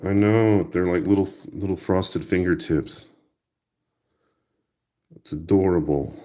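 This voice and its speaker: A man's voice: low-pitched, slow pace, warm tone. A man hosting a crafting video, chatting playfully and talking to himself while he works, humming little tunes now and then. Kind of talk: casual talk while crafting.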